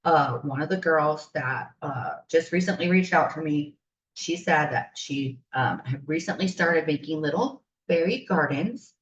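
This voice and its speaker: A woman spiritual coach tells stories in a relaxed, enthusiastic podcast style, rambling as she goes. Her voice is low-pitched, animated and unhurried, and the recording sounds roomy, distant and dull, with a slight hiss or hum.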